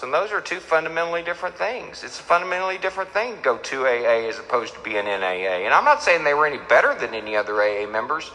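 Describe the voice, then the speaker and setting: A middle-aged man speaks at a recovery meeting. He tells his story with repetition and acts out the voices of the people in it. His voice is bright and forceful and rings with the long reverb of a hall. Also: medium pitch. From Texas. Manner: storytelling, repeats phrases, acts out quoted people. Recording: echoey hall.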